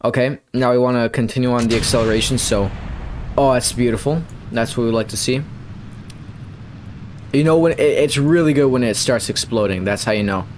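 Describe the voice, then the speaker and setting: A young man giving rambling, playful gameplay commentary, with bursts of excitement when things go his way. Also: mid-range voice, brisk, a little hiss or hum. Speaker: gamer.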